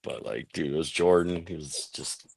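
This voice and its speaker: Deep-voiced man from Cleveland talking sports. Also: normal speed, vocal fry, dry recording. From Cleveland area. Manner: excited, filler-heavy sports talk. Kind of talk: casual chat.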